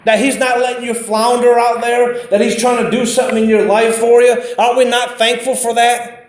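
High-voiced preacher in an echoey room. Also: male voice, flat delivery, fairly quick. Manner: conversational, storytelling, repeats himself. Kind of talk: informal sermon.

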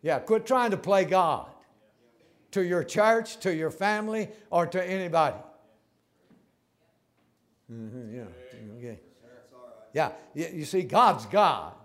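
A preacher man with a high, ringing voice. He delivers his sermon in a folksy, emphatic way, repeating phrases and stumbling into quick restarts. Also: animated. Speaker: pastor.

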